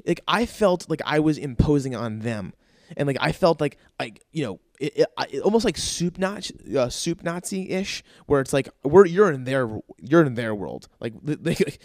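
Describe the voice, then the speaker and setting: A man spins a casual story, swearing freely and tumbling through fillers with animated energy. His voice sits a little high for a man, and the sound is dry and close with no room echo. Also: moderate pace. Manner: animated, profanity-laced storytelling with frequent fillers. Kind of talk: casual anecdote telling.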